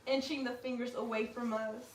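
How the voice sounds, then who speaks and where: A woman leading a casual guided yoga class at home, giving relaxed cues with joking asides. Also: fairly high pitch, normal speed. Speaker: yoga instructor. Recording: echoey room, mic far off, faint noise.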